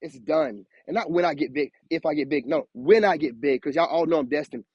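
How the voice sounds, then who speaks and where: A man's voice: a little high, brisk, darkish tone, slightly rough, dry recording, highs cut off. A man, giving an emphatic, repetitive motivational monologue to his viewers. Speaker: spiritual content creator.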